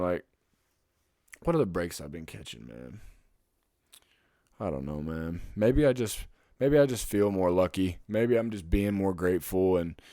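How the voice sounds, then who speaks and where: A man's voice: on the low side, no room sound, clean studio sound. Profane, rambling young man podcasting. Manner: profane, rambling, gets loud and heated when ranting. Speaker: podcast host. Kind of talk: casual solo podcast chat.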